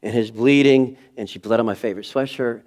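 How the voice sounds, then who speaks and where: Middle-aged man, pastor, animated storytelling sermon, mid-range voice. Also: mid-range voice, a little fast. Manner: animated storytelling, acting out scenes with sudden shifts in loudness. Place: church sanctuary.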